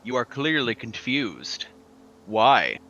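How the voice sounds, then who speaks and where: A man plays his character in a tabletop game, slow and grand, his pitch rising and falling a lot. His voice is bright but a little dull and lo-fi, as if through a cheap mic. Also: sing-song. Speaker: player. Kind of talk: in-character tabletop role-play.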